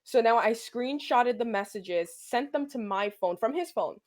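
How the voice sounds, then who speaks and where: A young woman with a somewhat high, unhurried voice co-hosts a podcast, telling a story in casual chat. She's animated and swears freely, acting out the dialogue of the people she quotes.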